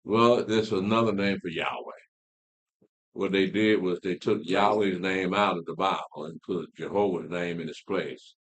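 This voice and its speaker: A man's voice: sits low, fairly even intonation, moderate pace. A man leading a Bible class, talking casually, asking rhetorical questions and repeating words as he explains. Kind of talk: casual teaching talk.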